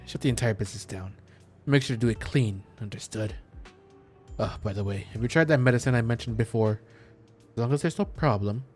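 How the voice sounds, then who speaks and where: A man's voice: fairly low pitch, a little mellow, natural voice. A man doing a curt, arrogant noble schemer. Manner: curt, commanding, attempted gruffness. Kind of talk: reading game dialogue aloud in character.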